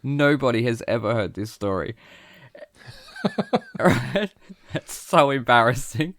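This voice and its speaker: A man, a podcast co-host telling an embarrassing story in casual chat, animated and self-mocking, laughing often. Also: mid-range voice, slow pace.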